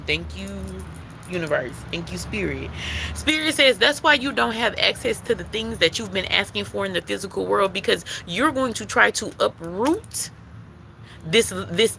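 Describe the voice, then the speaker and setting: Woman card reader, gravelly and sharp-toned, emphatic and repetitive, swears casually, soothes the listener as baby. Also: medium pitch, slight background noise, poor audio. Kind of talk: spiritual tarot reading.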